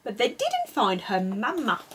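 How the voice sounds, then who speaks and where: Woman, children's story read-aloud, lively sing-song pitch, unhurried. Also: slight background noise. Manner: slow, expressive, sing-song. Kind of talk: reading a children's picture book aloud.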